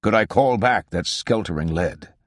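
A man narrating a literary novel as an audiobook, in a measured, even reading. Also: fairly low pitch, no room sound, studio quality.

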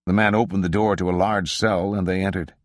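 Deep-voiced man reading a novel. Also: no echo, studio quality. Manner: measured, even literary reading. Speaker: audiobook narrator. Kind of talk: scripted narration of a literary novel.

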